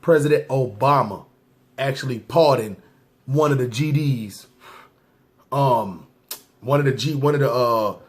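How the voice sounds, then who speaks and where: A man's voice: medium pitch, a little slow, long pauses. A man hosting a podcast, telling stories in loose casual slang and talking straight to his listeners. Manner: loose slang-heavy talk, often addressing listeners as "y'all"; acts out scenes in asides and mock voices. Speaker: podcast host. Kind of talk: casual street storytelling to viewers.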